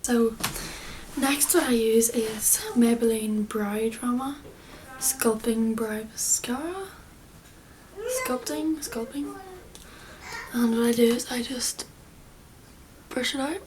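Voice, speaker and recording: A young beauty vlogger gives a casual, chatty, rambling makeup tutorial, often slipping into a half-whisper. Her voice is fairly high and slow, and crowd noise can be heard.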